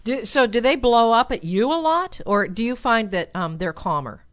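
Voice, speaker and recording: A woman's voice: on the high side, lively intonation, moderate pace. A woman hosting a call-in advice show, coaching a caller and suggesting what he could say.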